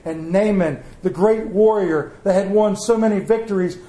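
Folksy male pastor with a high voice, telling stories from the pulpit in an echoey church. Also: moderate pace, dark tone. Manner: folksy storytelling, acts out voices. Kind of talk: sermon.

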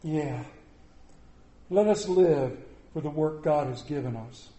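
Earnest preaching man, high voice. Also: mellow, roomy sound. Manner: earnest, emphatic preaching with slow, drawn-out stresses. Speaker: pastor. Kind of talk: sermon. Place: church sanctuary.

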